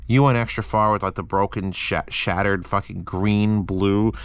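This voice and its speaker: A man's voice: fairly low pitch, steady tone, moderate pace, clear, resonant tone, no room sound. A man casually reviewing earphones, rambling and swearing with frequent restarts. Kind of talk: casual unscripted product review.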